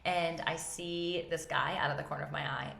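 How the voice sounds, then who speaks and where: A woman hosting a casual faith talk, telling a personal story with animated acted-out quotes. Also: sits low, normal speed, vocal fry, roomy sound. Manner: animated, acts out her own quotes. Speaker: podcast host.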